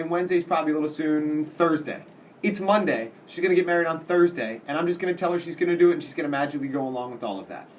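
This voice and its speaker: A man giving a casual lecture as a teacher, explaining in plain words and reading quoted lines slowly with dramatic weight. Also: on the high side, far from the mic, a little hiss or hum. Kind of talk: casual classroom-style lecture.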